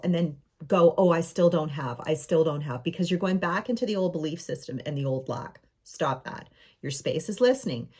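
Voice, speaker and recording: A middle-aged woman coaches viewers about their homes and spaces, speaking to camera in an enthusiastic, affirming, motivational style and calling them her friends. Her voice is low, darkish in tone, and slightly rough.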